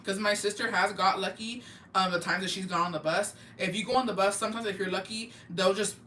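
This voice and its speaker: Bright-voiced woman spilling a storytime, cussing nonstop w spanish words mixed in, roomy echo, mic kinda far. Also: medium pitch, steady tone, brisk, a little hiss or hum. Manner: profane, blunt, switches into Spanish words. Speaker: vlogger. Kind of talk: casual storytime. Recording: echoey room, mic at a distance.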